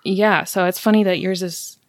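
A woman's voice: lowish voice, steady tone, normal speed, no echo. A woman hosting a podcast, chatting casually and laughing often. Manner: chatty and giggly. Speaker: podcast host.

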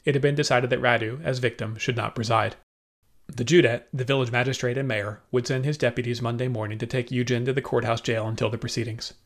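A man narrating an audiobook with steady storytelling. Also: medium pitch, fast talker.

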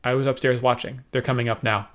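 A man voicing a reserved, measured male castle steward in an audiobook. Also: medium pitch, level tone, natural voice. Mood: brisk.

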